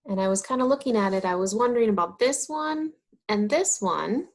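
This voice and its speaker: A woman teaching young children, asking questions about farm animals and answering them in a drawn-out, encouraging way. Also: mid-range voice, expressive. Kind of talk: slow, sing-song teaching of young children.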